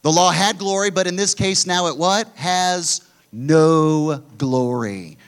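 A middle-aged man preaching a sermon as pastor, pushing phrases up loud and dropping others low and quiet. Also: takes it slowly, clear, resonant tone. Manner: emphatic preaching, swinging between loud high pushes and low quiet drops.

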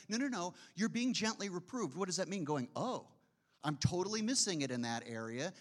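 In a high, expressive voice, a man preaches a sermon in a conversational manner. Key phrases come slowly and hushed, and he regularly asks his listeners questions.

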